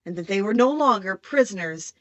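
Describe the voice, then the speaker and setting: A woman reading a children's classic aloud as an audiobook narrator, steady and clear. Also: medium pitch, brisk, dry recording, highs cut off. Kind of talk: scripted storybook narration.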